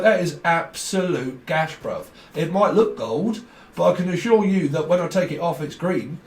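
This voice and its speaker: A man races through a tarot reading, rambling from one thought to the next and laughing along the way. His voice sits a little higher than most men's. He sounds set back from the mic in an echoey room, with a faint hiss underneath. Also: darkish tone. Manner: fast, free-associating, laughs often. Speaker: tarot reader. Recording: roomy sound from a distant mic.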